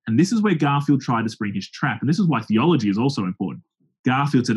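A man's voice: medium pitch, fast, breathy edge. A man, a pastor and open-air preacher, telling stories in an interview, acting out the people he quotes. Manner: lively anecdotal storytelling with acted-out quotes. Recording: dull lo-fi sound.

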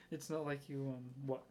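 A young man co-hosting a casual podcast, rambling and laughing often. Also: medium pitch. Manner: giggly, rambling. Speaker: podcast co-host. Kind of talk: casual chat.

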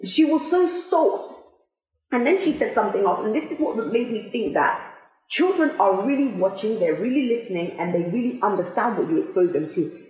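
A woman's voice: medium pitch, expressive, fairly quick. A woman giving a motivational talk to her listeners, emphatic and full of rhetorical questions. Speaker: motivational speaker. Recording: very echoey, tinny phone-like sound.

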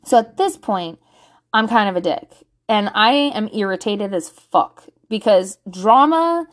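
A mid-range, unhurried voice belongs to a woman in her thirties telling a casual story. She's blunt and swears, and she animates it by acting out what each person said.

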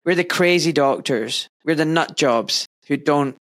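A man's voice: fairly high pitch, a little slow, a bit bright, no room sound, studio quality. A Scottish man with a Glasgow Kelvinside accent, hosting a casual podcast chat in a joking, teasing manner. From Scotland. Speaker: podcast host.

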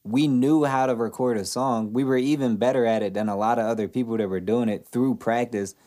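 A man's voice: mid-range voice, a little fast. A young man in his twenties co-hosting a podcast, chatting casually with lots of swearing and joking asides. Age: 20s. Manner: profane, jokey, animated bursts. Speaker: podcast co-host. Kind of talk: casual chat.

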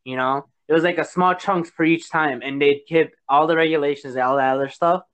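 A man's voice: fairly high pitch, fairly even intonation, fairly quick, a bit bright, smooth. Blunt young guy venting on a podcast. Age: young adult. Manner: blunt, swearing, slangy. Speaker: podcast guest. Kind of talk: casual podcast chat.

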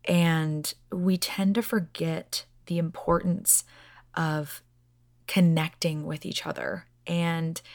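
A woman's voice: lowish voice, creaky, a little mellow, no echo. A woman speaking straight to her viewers, telling a personal story earnestly and repeating herself as she goes. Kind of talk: casual heartfelt storytelling.

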